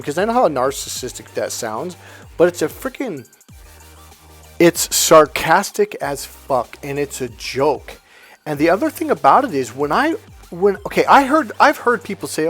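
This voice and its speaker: A man's voice: a little high, big pitch swings, moderate pace. Blunt, profane middle-aged man with music. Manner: blunt and profane, acts out family quotes. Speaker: self-help coach. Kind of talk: casual monologue to camera.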